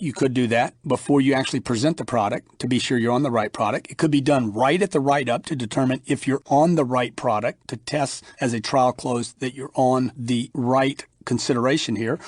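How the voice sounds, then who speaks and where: A man's voice: medium pitch, no room sound, studio quality. A middle-aged man reading his own sales training audiobook in a punchy, emphatic way, acting out bits of sales dialogue. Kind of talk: instructional audiobook narration.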